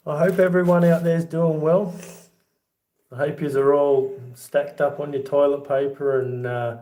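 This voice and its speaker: Middle-aged Aussie bloke, casual livestream host, easy storyteller, recorded in a roomy, echoey space. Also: male voice, medium pitch, mellow. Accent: Australian. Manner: chatty, laughs through his own yarns. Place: home with boxed-up rooms. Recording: echoey room.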